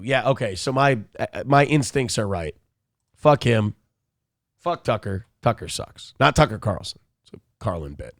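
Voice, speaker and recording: Cranky, gravelly morning show host. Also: male voice, mid-range voice, sing-song, moderate pace, dry recording, studio quality. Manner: crude, cranky, mocking impressions. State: sick. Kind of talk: profane live-stream commentary.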